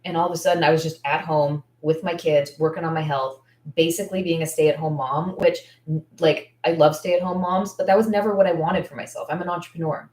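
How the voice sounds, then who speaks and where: A woman's voice: deep voice, steady tone, brisk, a little mellow. A woman in her thirties, an esthetician coaching others, talking casually and candidly, thinking aloud with lots of fillers. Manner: candid and heartfelt. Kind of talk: casual Q&A talk. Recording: echoey room, distant mic.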